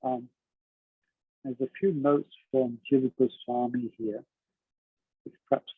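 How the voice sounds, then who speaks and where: This man teaches a devotional text in a conversational style, often laughing and quizzing his students. His medium-pitched voice is husky, and his delivery is flat and slow. The recording is dry and narrow, like a phone.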